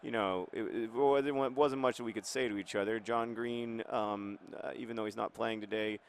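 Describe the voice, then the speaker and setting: Male gameplay commentator in a mock-manager role, lowish voice, hesitant and rambling, earnest tone. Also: steady tone, moderate pace, slight background noise. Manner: rambling and hesitant, with many fillers. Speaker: video game commentator, role-playing as a football club manager.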